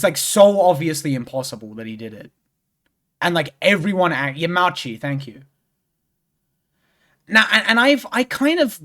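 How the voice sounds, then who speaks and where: A young man talking casually over a game stream, his voice sitting a little higher than most men's. He rambles and loops back on himself, filling gaps with lots of "like" and "um". He swears offhandedly as he goes. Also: a bit bright. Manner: rambling, full of "like" and restarts, swears freely. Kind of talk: casual chat while playing a game.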